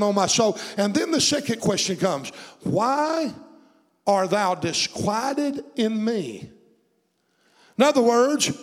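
A man preaching in a fervent, rhythmic way, his voice pitched high for a man and rough with gravel. He stacks phrase on phrase, and long reverb from a large hall trails after each line. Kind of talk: sermon.

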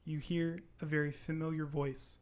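A man narrating a tabletop game as game master in a calm, measured way. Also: a little high, clean tone.

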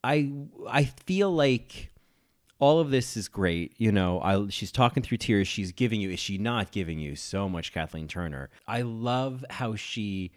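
A man hosts a podcast and talks through a film scene in casual commentary. He is animated and gushing, with campy asides, and his voice sits on the low side. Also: moderate pace. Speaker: podcast host and film reviewer.

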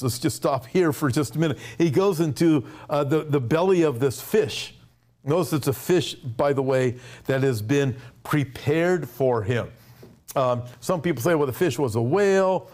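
A man preaching a conversational sermon, animated and acting out little quoted exchanges. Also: medium pitch. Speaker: pastor.

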